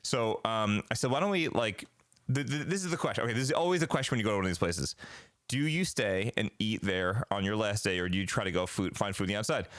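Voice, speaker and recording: Fast-talking man hosting a podcast. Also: on the low side, expressive, fairly bright tone, dry recording, studio quality. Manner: rambling storyteller with many fillers. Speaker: podcast host. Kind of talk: casual podcast chat.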